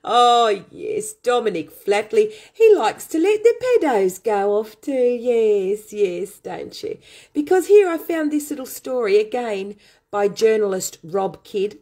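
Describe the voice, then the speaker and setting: A woman rants on her own livestream, her voice husky and dark in tone. She drags her words out slowly, spitting insults and firing rhetorical questions at viewers. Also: medium pitch, big pitch swings. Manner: furious, scornful, hurls insults. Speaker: online show host. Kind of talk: angry ranting livestream monologue.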